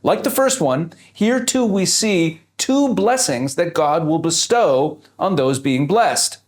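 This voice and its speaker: A man's voice: a little high, expressive, slow. A man teaching scripture, explaining each point step by step and posing rhetorical questions to his audience. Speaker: Bible teacher.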